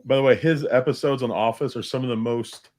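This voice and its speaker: A man's voice: medium pitch, fairly even intonation, fast, a little mellow. Friendly man greeting the chat. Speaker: podcast co-host. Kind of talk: casual chat.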